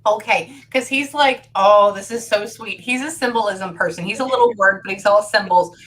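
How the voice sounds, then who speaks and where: A woman working as a psychic medium, giving a chatty, excitable reading to a client over a call. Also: mid-range voice, normal speed, breathy edge. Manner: excitable, chatty, filler-heavy.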